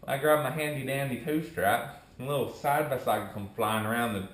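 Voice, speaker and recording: A man's voice: mid-range voice, normal speed. A young man vlogging, telling a rambling story in a casual way and acting out what his friends said. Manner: animated, rambling, acts out quoted friends. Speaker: vlogger starting a channel. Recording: echoey room.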